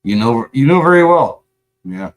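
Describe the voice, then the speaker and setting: A man's voice: mid-range voice, sing-song, normal speed. Angry profane man ranting on stream. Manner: sarcastic. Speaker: livestream host. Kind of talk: live stream chat rant.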